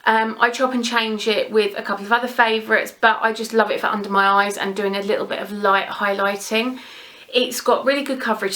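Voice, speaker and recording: A woman's voice: mid-range voice, steady tone, quick pace, pushed and bright. A young British woman talking casually to camera as a beauty vlogger, chatty and rambling with gushing enthusiasm.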